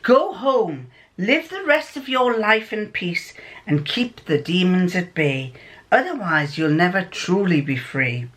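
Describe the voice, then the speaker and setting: An older woman reading out the lines of a calm male detective, in her own voice, tripping now and then over long words. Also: on the low side, takes it slowly, full character voice. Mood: measured. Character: calm, measured male detective giving advice. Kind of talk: reading a story aloud.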